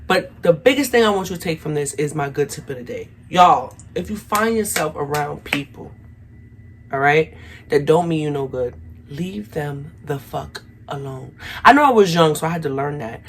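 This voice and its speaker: A woman's voice: sits low, expressive, normal speed, a crowd in the background. A young adult woman telling a personal story to her viewers in a casual, chatty way, often calling them y'all. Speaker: vlogger.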